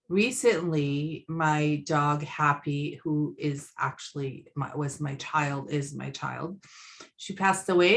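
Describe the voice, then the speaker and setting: Female podcast host, low pitch, slow and reflective delivery. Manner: slow, reflective, with many fillers. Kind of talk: conversational podcast talk.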